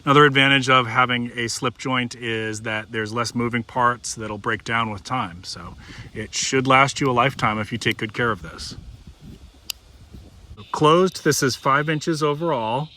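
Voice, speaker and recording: A man's voice: mid-range voice, unhurried, sharp tone, a little hiss or hum. A middle-aged man casually reviewing a pocket knife, talking folksy and demonstrating as he goes. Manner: conversational, demonstrating as he talks, folksy.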